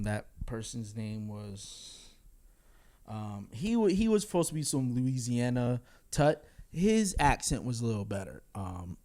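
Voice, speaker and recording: A man's voice: mid-range voice, a little mellow. A man giving a casual, candid spoken film review, talking bluntly with frequent fillers and chuckles.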